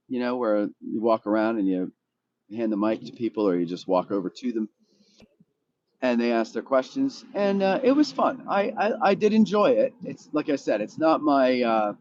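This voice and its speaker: Still in his morning voice, a man live-streams from his car, talking directly to viewers and answering their comments in a relaxed, rambling way. His medium-pitched voice is a little mellow, and the recording is muffled.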